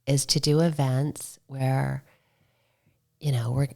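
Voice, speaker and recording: A middle-aged woman, a guest on a podcast, chatting casually and telling stories, acting out quoted dialogue and dropping into soft whispers. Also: a bass voice, little pitch movement, slow pace, vocal fry. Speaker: podcast guest, motorcycle club founder.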